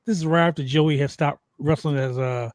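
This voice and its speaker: A man hosting a wrestling podcast, telling a road story with heavy swearing and lively energy. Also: fairly high pitch, moderate pace, no echo. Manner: animated, profane storyteller. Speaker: podcast host.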